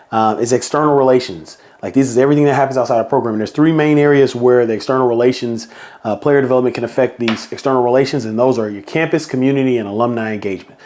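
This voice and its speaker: A middle-aged podcast host tells a story in a casual monologue, his tone darkish. When acting out quotes, he jumps into bursts of higher pitch.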